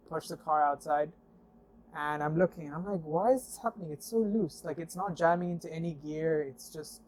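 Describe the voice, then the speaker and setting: A man casually telling a story, acting out the dialogue with lots of "I'm like" and fillers. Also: a little high. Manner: animated storyteller who acts out dialogue; conversational, with frequent fillers and "I'm like". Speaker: guest telling car stories. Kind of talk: casual spoken anecdote.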